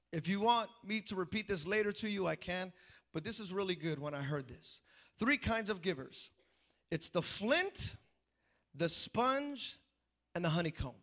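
A male pastor delivers his sermon in a high, bright voice with a forceful edge. He drives points home by repeating them and keeps calling on the congregation to answer back. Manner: preachy, calls for congregation response; repeats key phrases for emphasis.

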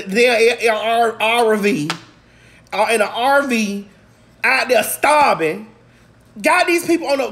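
A woman in a casual, profane vlog rant recapping a movie, swinging between shouts, laughs and low mutters, a little congested. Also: slight background noise. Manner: talks straight to viewers. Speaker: vlog host.

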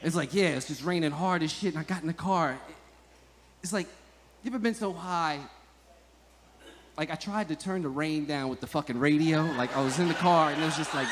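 High-voiced profane stand-up comic. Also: male voice, a little fast, background noise. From New Jersey. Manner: profane, rambling, laughing at his own jokes. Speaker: stand-up comedian. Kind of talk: stand-up comedy set. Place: outdoor comedy club stage. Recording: live stage sound with long reverb.

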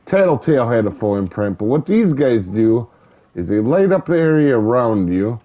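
A man hosting a gaming channel, chatting casually over gameplay in a relaxed, rambling way with many ums and uhs. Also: medium pitch, moderate pace, highs cut off. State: hiccups. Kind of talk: casual let's-play commentary.

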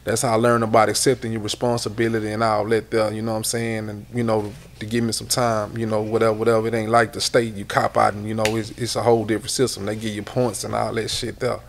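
A man's voice: on the low side, flat delivery, fast talker, vocal fry, hardly any pauses, a little hiss or hum. A middle-aged man with a Houston accent, a rapper telling long rambling stories in a casual interview, repeating words and swearing often. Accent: Houston Southern. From Houston, Texas.

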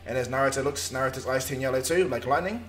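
A man narrating a fan story in an easygoing, rambling way, mid-pitched. Faint music runs underneath. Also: fast, a bit bright. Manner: rambling, with fillers and restarts.

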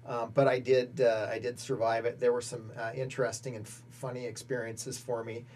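A man's voice: mid-range voice, flat delivery, darkish tone. Reflective middle-aged man telling stories. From Montana, United States. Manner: reflective storytelling with frequent pauses and fillers. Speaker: oral history interviewee. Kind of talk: recorded oral history interview.

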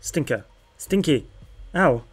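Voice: mid-range voice, expressive, slow, breathy edge. A young adult streamer chatting casually over a game, playful, giggly and teasing. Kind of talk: casual gaming chat.

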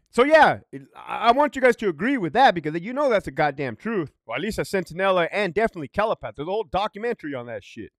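This man, once a prison guard, speaks fast in a high, sing-song voice, recorded in studio quality with no echo. His casual storytelling is profane and emphatic, peppered with "right?" to check in with the listener.

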